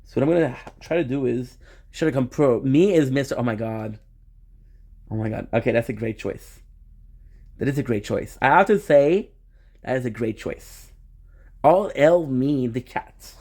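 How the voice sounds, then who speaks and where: A young man talks casually to his viewers in a relaxed streaming chat. He rambles with a playful tone, often restarting his sentences. His voice sits in an ordinary middle pitch. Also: normal speed, pauses often.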